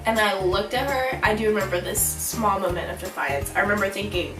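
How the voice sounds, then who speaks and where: A young woman vlogger telling a storytime in an animated, giggly way, acting out her own shouts. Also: medium pitch, a little fast, far from the mic. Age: young adult. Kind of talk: storytime vlog. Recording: echoey room, a bit off-mic, music behind.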